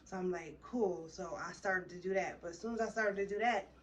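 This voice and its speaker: A woman's voice: fairly low pitch, a little fast. A young woman vlogger tells a heated, rambling, profane story in a casual way. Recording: distant mic with faint background noise.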